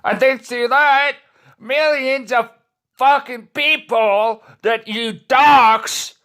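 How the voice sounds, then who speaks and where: A man's voice: very high-pitched, takes it slowly, pushed and bright. A man delivering a furious, profanity-filled rant to the camera, swearing nonstop and tripping over his words. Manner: furious, swearing constantly, stumbling restarts.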